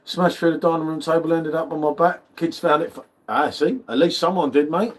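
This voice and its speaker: During a live beer tasting stream, a man chats casually with matey banter and greets viewers by name. His voice is a little high and his pace fairly quick.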